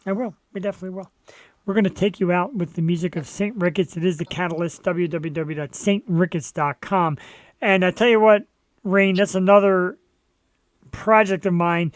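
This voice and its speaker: A man hosting a live online show, chatting casually in an excitable, rambling, joking way. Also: high-pitched, normal speed, dry recording. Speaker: host.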